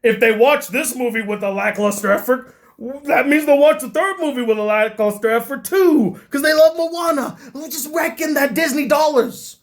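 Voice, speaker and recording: Male critic, exasperated profane rant, breaks into shouting, comedic. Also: extremely high pitch, normal speed. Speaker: film critic.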